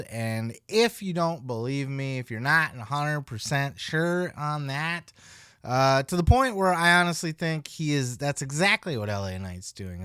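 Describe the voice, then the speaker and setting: A man's voice: medium pitch, pushed and bright, clear, resonant tone, no echo, clean studio sound. A man hosting a podcast, giving casual, opinionated commentary full of swearing. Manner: profane, opinionated. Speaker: podcast host.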